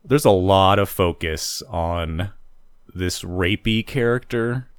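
A man with a somewhat low voice chats as a podcast co-host, recorded close and dry. He talks in a joking, theatrical way. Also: takes it slowly, clear, resonant tone, dry recording. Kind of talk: casual chat.

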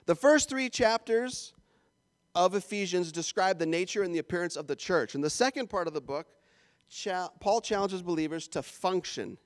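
A man from Canada preaching a sermon as pastor, animated and jokey with playful asides. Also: sits high, normal speed, dry recording, studio quality.

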